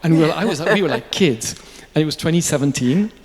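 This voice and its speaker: A man, a watch brand founder, telling lively, jokey anecdotes at a press conference. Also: on the high side, quick pace. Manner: lively, jokey, with asides and laughs. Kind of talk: anecdotal storytelling. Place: event venue. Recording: long reverb in a large space.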